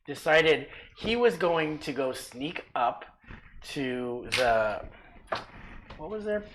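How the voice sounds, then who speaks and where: A woman running a tabletop game, recapping the last session in a lively, animated storytelling manner. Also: deep voice, takes it slowly, rough recording. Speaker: game master. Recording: live stream with faint background noise.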